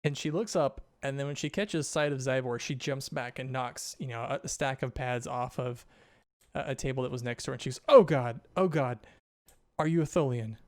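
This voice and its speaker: A man's voice: mid-range voice, steady tone, fairly quick. A man narrating as game master in a casual, rambling way with many fillers.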